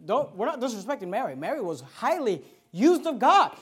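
A man with a notably high voice delivers a sermon from the pulpit. He preaches emphatically but conversationally, often restarting his sentences as he builds his point. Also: big pitch swings, fast, hardly any pauses, slightly rough. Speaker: pastor.

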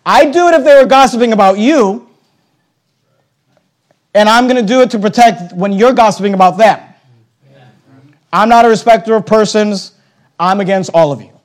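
A man preaching a sermon as pastor, swinging between soft and loud and acting out little dialogues. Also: sits high, normal speed, long pauses. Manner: acts out little dialogues and quotes scripture.

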